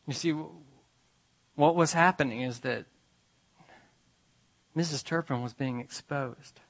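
A man's voice: mid-range voice, slow. A man preaching a sermon, emphatic and repetitive, pressing his listeners with rhetorical questions.

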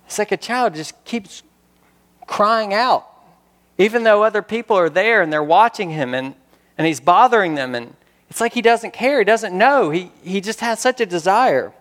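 A man preaches a sermon in a relaxed, conversational way. His voice sits slightly high, and he mixes scripture reading with rhetorical questions. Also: moderate pace, long reverb tail. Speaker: pastor.

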